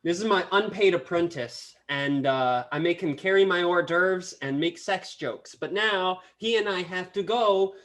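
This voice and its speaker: A player at a tabletop game jokes in character, offhand and loose. The pitch sits in the middle. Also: unhurried, hardly any pauses, fairly bright tone. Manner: joking and offhand.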